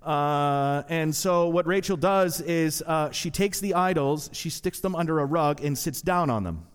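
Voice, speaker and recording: Male pastor, animated sermon storyteller, slightly high voice, big reverberant hall. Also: unhurried, clean tone. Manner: animated retelling with acted quotes and asides.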